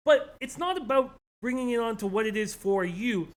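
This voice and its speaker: A man's voice: very high-pitched, animated, normal speed. A man co-hosting a sports betting show, giving his picks in a casual, thinking-aloud way with fillers and repeats. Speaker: co-host, sports betting analyst.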